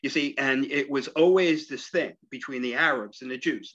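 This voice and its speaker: A man's voice: mid-range voice, normal speed, few pauses, a bit bright, slightly rough. Guy giving a library history talk, chatty, keeps asking "right?", kinda muffled lo-fi sound. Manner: chatty, peppered with "right?" and "you see?" asides. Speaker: history lecturer. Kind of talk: conversational library lecture. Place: public library meeting room.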